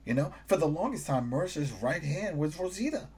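A man co-hosting a podcast, recapping a TV episode in casual chat, animated and jumping high in pitch when exasperated. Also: moderate pace. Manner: animated, rising high when exasperated, voices characters in quotes. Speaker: podcast co-host.

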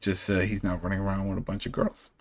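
A man's voice: low-pitched, completely flat delivery, fast talker. A man co-hosting a podcast, casually recapping a TV episode and acting out characters' lines as he retells scenes. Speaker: podcast co-host. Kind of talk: casual show recap chat.

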